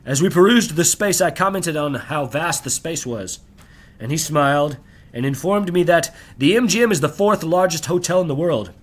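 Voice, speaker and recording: Reading his novel in the first person, the author speaks with a fairly high pitch. He keeps a measured, descriptive pace and eases up on the key phrases.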